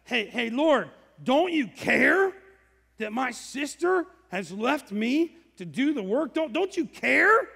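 Frazzled nagging woman, shrill and high, played by a male preacher, church reverb. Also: big pitch swings, slow, vocal fry, sharp tone, husky, heavily acted. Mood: pleading. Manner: shrill, exasperated.

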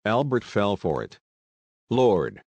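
A man narrating an audiobook in a steady, even storytelling way. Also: lowish voice, normal speed, no echo.

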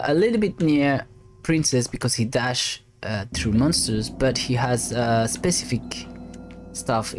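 A male game developer giving let's play commentary in a halting way, with many restarts. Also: medium pitch, slight background noise.

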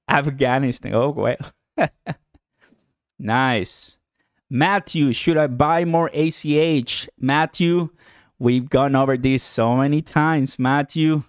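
A man's voice: mid-range voice, slow pace, long pauses, dry recording, clean studio sound. A young man from Puerto Rico with a Puerto Rican Spanish accent, hosting a casual livestream and upbeat as he reads out viewer comments. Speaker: livestream host.

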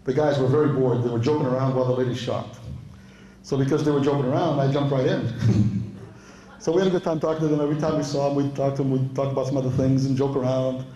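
A European man does stand-up storytelling at a live club, chatting through true stories, laughing at his lines, and raising his voice to quote people, all in an echoey room. He talks fast in a warm, mid-range voice with a steady tone.

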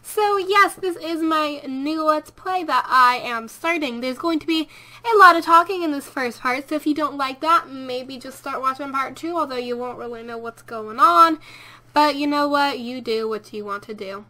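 High, bright-voiced chatty woman gamer. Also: normal speed. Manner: chatty, rambling, self-correcting. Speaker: let's play host. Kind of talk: casual gameplay commentary.

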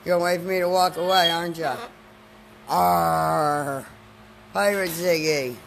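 A woman hosting a live video outdoors on a farm, talking slowly and coaxingly to her animals. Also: lowish voice, fairly even intonation, a little hiss or hum. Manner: slow, coaxing talk to animals. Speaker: farm host.

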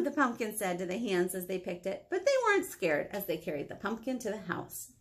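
A woman children's librarian reads a picture book aloud, asking the kids questions along the way in an animated manner. Her voice is medium-pitched and fairly quick, with hardly any pauses.

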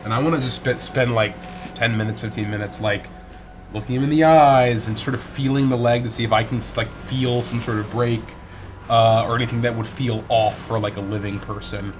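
A man playing a tabletop game, speaking in a measured, deliberate way. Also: mid-range voice, steady tone, a little hiss or hum. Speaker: player. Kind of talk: casual tabletop play.

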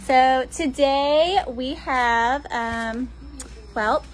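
A woman's voice: high-pitched, very slow, low-quality recording. A woman hosting a casual office lunch vlog, chatty and upbeat, questioning coworkers about the food. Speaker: office staff host of a lunch segment. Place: office break room, indoors.

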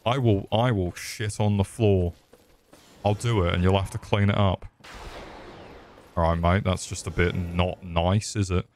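A man's voice: low-pitched, fairly even intonation, a little slow, pauses often, a little mellow. A young Englishman streaming a game, joking crudely, swearing often and chatting back to his viewers. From England. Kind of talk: live gameplay commentary.

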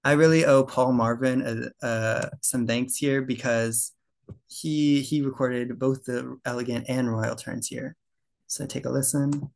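Young guy walking through slides, bit of fry in his voice, lots of ums and likes, super casual. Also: medium pitch, fairly even intonation, a little slow. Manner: loose and conversational, many fillers and self-corrections. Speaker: presenter at a birding club talk.

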